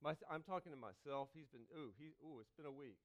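A man preaching to his congregation, with dynamic delivery that swings from loud calls to hushed pleas and a conversational tone full of asides. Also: fairly high pitch, fast talker. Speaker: pastor. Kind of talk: sermon. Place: church sanctuary.

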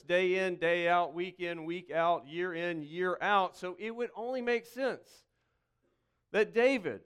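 Animated preacher man with a smooth, resonant voice. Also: high-pitched. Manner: hushed, slow prayer. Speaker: pastor. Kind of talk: sermon with prayer.

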